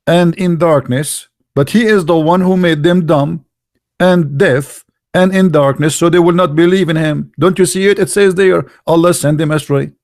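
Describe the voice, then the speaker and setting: A man's voice: fairly high pitch, darkish tone, dry recording, clean studio sound. A man speaking English as a second language, mocking a religious text in sarcastic, incredulous commentary. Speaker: online religion critic.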